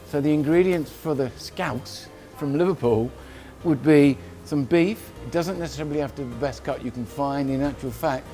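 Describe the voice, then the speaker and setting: A man's voice: medium pitch, warm tone. A man from London giving a casual cooking demonstration, chatty and rambling, often correcting himself as he goes. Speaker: cook.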